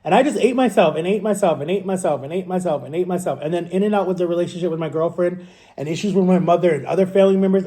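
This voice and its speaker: A man's voice: high-pitched, very fast, warm tone. A man in his thirties from Florida, telling his story to camera in a casual, candid way and correcting himself as he goes. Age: 30s. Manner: rambling and candid, self-correcting. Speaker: vlogger. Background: eating on camera.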